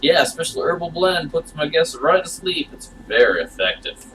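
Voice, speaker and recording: A man reading aloud and voicing a creepy, hunched male butcher who runs an inn, speaking with a lisp and drawn-out, falsely innocent emphasis. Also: fairly high pitch, sing-song, recorded from a distance, noisy background, pitched above the performer's own voice. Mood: sly.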